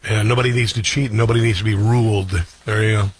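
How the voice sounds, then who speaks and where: A man's voice: lowish voice, little pitch movement, fast talker, slightly rough, dry recording. A man hosting a political talk show, reading headlines and riffing on them in a blunt, combative way. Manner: blunt, combative, reads headlines then riffs with asides. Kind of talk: opinionated talk radio commentary.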